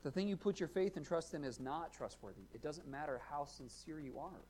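Preaching with earnest energy, this male pastor from the United States speaks a little high and a little fast, in an animated way, asking rhetorical questions and swinging between emphatic peaks and hushed asides. Poor audio carries a bit of hiss or hum.

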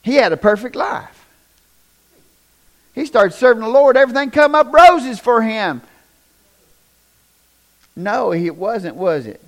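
A middle-aged pastor preaches a sermon in church with a very high voice, speaking slowly and pausing often. He's animated, folksy, and joking, talking straight to his congregation.

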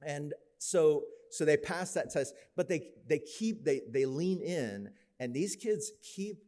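A man's voice: a little high, animated, takes it slowly, mellow. A middle-aged man telling a story in a sermon, acting out the voices in his story. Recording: long hall reverb.

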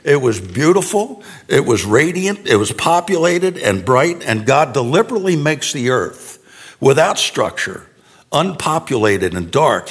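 In a church sanctuary before an audience, a male pastor with a mid-range, breathy-edged voice delivers a sermon to the congregation, speaking conversationally with asides and tag questions.

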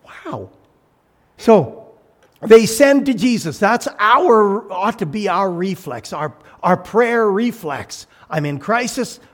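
A man preaching a sermon as pastor, animated, acting out voices and shouting for emphasis. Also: high voice, slow.

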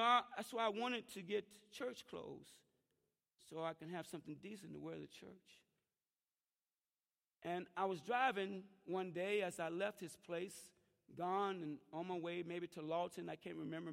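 High, gravelly fervent preacher man. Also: a bit bright. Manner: fervent preaching with calls to the congregation. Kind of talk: sermon. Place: church. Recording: long church reverb.

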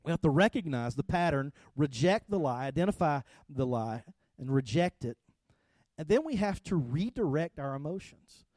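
A middle-aged man, a pastor, preaching a conversational sermon that restarts words often and swings between soft and loud. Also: a little high, animated, moderate pace, no echo. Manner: conversational preaching with repeated starts and swings in loudness.

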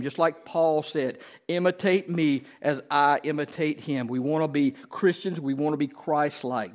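A pastor preaching a conversational sermon, often turning to ask the congregation questions. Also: male voice, fairly high pitch, a little mellow.

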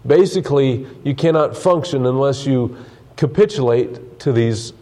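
Preaching man with a mellow voice. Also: medium pitch, a little slow. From United States. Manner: earnest preaching with repeated restarts, reading King James scripture aloud. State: losing his voice. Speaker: pastor. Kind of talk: sermon.

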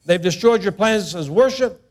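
A defensive, self-important prophet barks his report in a stiff mock-military manner, as a preacher puts him on. The voice sits high and a little pushed. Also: animated, moderate pace, darkish tone. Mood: mock-formal.

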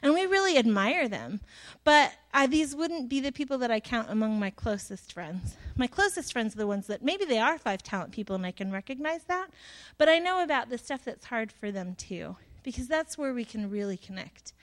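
A woman's voice: fairly high pitch, animated, moderate pace, fairly bright tone. A woman in her thirties, a pastor giving a casual, chatty sermon with lots of fillers and self-deprecating asides.

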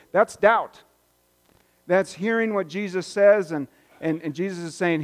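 A man preaching a sermon as pastor, conversational and reflective, moving between louder stretches and hushed ones. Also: on the high side, moderate pace. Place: church sanctuary. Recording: long reverb of a church hall.

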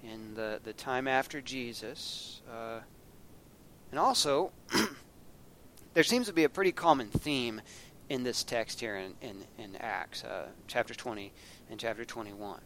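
A man's voice: mid-range voice, lively intonation, unhurried, fairly bright tone, slight background noise. A man preaching a sermon, folksy and storytelling, acting out scenes with a raised voice.

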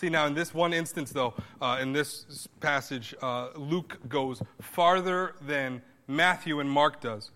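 A man's voice: fairly high pitch, measured pace, few pauses, pushed and bright, long reverb tail. A man pastor preaching a sermon in a conversational style, rising now and then to emphatic bursts.

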